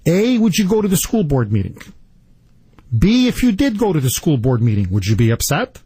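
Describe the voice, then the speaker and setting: A man hosting a talk radio show, delivering an indignant, rapid-fire political monologue. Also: a little high, huge pitch swings, warm tone, breathy edge, no echo.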